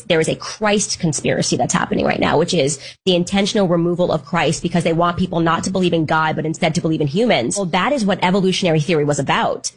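A woman's voice: lowish voice, breathy edge. A young woman on a podcast clip, talking breezily in casual chat and filling it with "like". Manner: fast, breezy, full of "like". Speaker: podcast guest.

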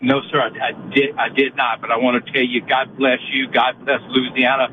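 A man's voice: mid-range voice, little pitch movement, moderate pace, lightly acted. A man speaking as an earnest, grateful caller from Louisiana over a phone line. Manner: earnest and thankful. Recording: tinny phone line with road noise.

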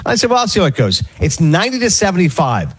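A man's voice: high voice, huge pitch swings, fast talker, breathy edge. A man co-hosting a sports radio show, telling a long rambling story in casual chat and acting out the quotes.

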